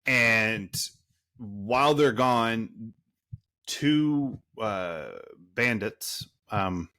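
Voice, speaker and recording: A man's voice: fairly low pitch, very slow, sharp tone, no echo, studio quality. A man co-hosting a movie podcast in casual chat, rambling and cursing, full of fillers and restarts. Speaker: podcast co-host.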